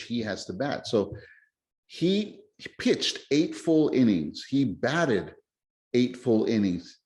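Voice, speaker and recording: A man chatting casually as a podcast host, rambling and excitable with many restarts. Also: medium pitch. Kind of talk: casual chat. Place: lives in Japan.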